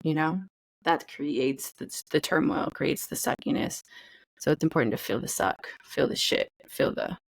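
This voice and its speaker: A woman's voice: deep voice, expressive, moderate pace, gravelly, no echo. A woman co-hosting a podcast in casual chat, candid and profane, acting out feelings in quoted voices. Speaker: podcast co-host.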